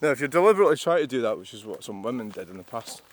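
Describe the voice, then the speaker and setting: A man's voice: medium pitch, big pitch swings, very fast. A Scottish man in his sixties, a vlogger, rambling through a reflective monologue with wry, self-mocking asides. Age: 60s.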